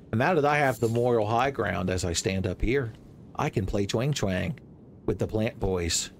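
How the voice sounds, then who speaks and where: A young man giving playful, joking commentary over his own gameplay, breaking into loud exclamations. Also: lowish voice, creaky, a little hiss or hum. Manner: playful, jokey, swings into loud shouted exclamations. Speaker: gaming video creator.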